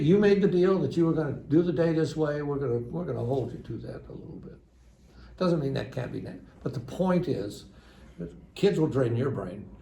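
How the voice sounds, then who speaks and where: In an echoey church hall with faint background noise, an older psychologist leads a parenting seminar in a conversational way, his humor dry and ironic. He speaks with a creaky, mellow voice of medium pitch.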